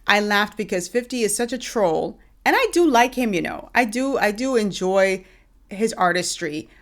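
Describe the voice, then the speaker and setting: A woman's voice: mid-range voice, animated, moderate pace. A Bahamian woman hosting a casual opinion vlog, talking emphatically with lots of fillers and restarts. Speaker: vlogger host.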